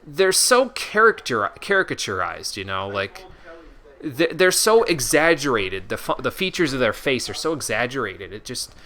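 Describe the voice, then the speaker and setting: A man's voice: mid-range voice, sing-song, normal speed, bright, forceful tone. A man streaming a video game, reading menu text aloud and chatting casually with his viewers. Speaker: gaming streamer. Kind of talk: casual let's-play commentary.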